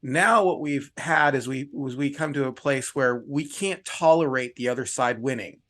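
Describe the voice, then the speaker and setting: A man's voice: mid-range voice, normal speed, fairly bright tone. A middle-aged man hosting a casual chat, who lays out his ideas thoughtfully and at length. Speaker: podcast host.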